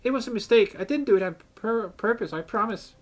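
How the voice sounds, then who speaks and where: A man's voice: high-pitched, expressive, brisk, pitched above the performer's own voice. A man voicing a playful young female cyber ninja hacker, breezy and a bit sheepish, in a fan reading of game dialogue.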